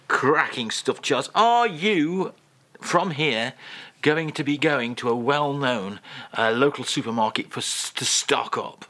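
A man hosting a radio show, chatting in a playful, rambling, jokey way with quick asides. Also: mid-range voice, animated, sharp tone. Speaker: radio host. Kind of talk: comic radio banter.

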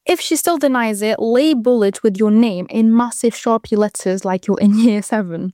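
A woman's voice: fairly high pitch, normal speed, few pauses, dark tone, no room sound, studio quality. A 22-year-old woman with a British accent, hosting a casual advice show and chatting frankly to listeners with rambling asides. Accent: British English.

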